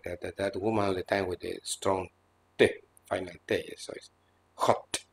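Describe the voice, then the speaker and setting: A man as a spiritual teacher at a seminar, speaking in an earnest, admonishing way, with halting, repetitive phrasing and many restarts. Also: low voice, flat delivery, gravelly, a little hiss or hum. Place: seminar room at an ashram in India.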